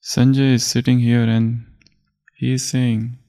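A man giving a spiritual discourse as a teacher, speaking slowly and deliberately and repeating his phrases. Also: medium pitch, level tone, warm tone.

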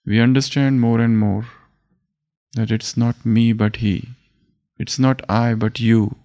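A man giving a spiritual discourse as a teacher, speaking slowly and deliberately and repeating his phrases. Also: mid-range voice, steady tone, mellow.

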